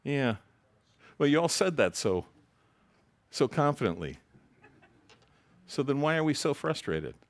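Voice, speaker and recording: A man's voice: mid-range voice, very animated, unhurried, pauses often. A man preaching a sermon in a conversational, joking way, reading scripture aloud to a congregation. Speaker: pastor.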